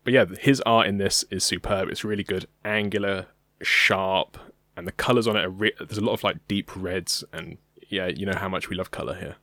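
A man's voice: sits low, fairly even intonation, fairly quick, hardly any pauses, pushed and bright, no echo, clean studio sound. A young British man co-hosting a podcast, talking casually and hesitantly, with many ums. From Britain. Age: young adult. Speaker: podcast co-host. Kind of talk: casual chat.

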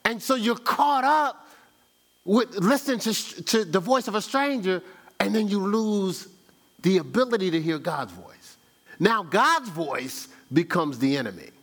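A male pastor preaches with animated energy, his voice sitting a little high. He tosses out rhetorical questions for the crowd to answer and slows down to read scripture. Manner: reads scripture aloud in a slow cadence. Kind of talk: sermon.

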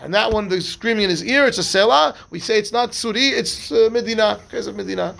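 A man's voice: high voice, fast, gravelly, a bit bright. A man, a rabbi, teaching a live Talmud class, explaining step by step, asking questions and answering them himself, mixing Hebrew and Aramaic terms into his English.

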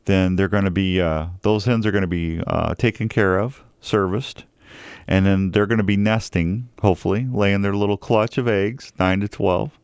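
A man's voice: low-pitched, steady tone, moderate pace, clean tone, no room sound, studio quality. A man hosting a radio talk show, chatting casually in a rambling, jokey way with frequent restarts.

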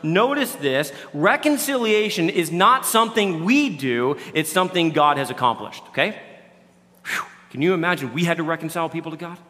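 A man's voice: on the high side, lively intonation, normal speed, bright, forceful tone, in a large hall. A man preaching a sermon in a loose, conversational way, often restarting his sentences. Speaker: pastor.

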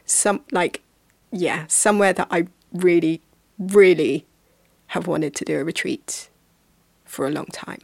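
A woman's voice: on the low side, unhurried, gravelly, long pauses, a little mellow, dry recording. A woman around forty, a podcast host and yoga teacher, signing off in a casual, rambling and affectionate way with lots of fillers.

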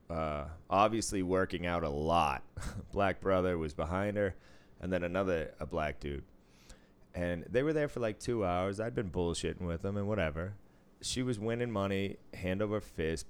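Man with a low voice, blunt and profane, casual storytelling chat. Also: clean tone.

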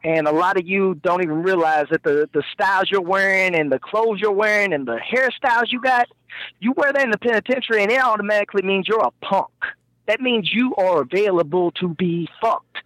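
Man, high voice, blunt and lecturing, dry close sound. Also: fast, fairly bright tone, dry recording, poor audio. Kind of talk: casual chat.

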